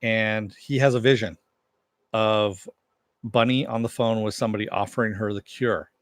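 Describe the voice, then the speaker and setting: Low-voiced man casually recapping a show. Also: steady tone, moderate pace, dry recording. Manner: loose and conversational, with frequent "you know" and casual swearing. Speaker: TV episode reviewer. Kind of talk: casual spoken recap and review.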